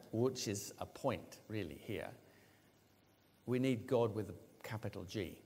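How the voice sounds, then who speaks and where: A man preaching a sermon, retelling a story with lively, acted-out voices for the characters. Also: fairly low pitch, normal speed. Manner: animated storytelling, acting out quoted lines. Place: church. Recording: long church reverb.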